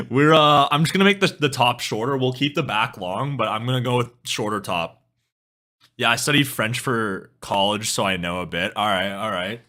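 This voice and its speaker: A medium-pitched, expressive voice with a sharp tone and moderate pace comes from a young music streamer from western Canada. In a Canadian accent, he rambles casually to his live chat, losing his thread and swearing now and then.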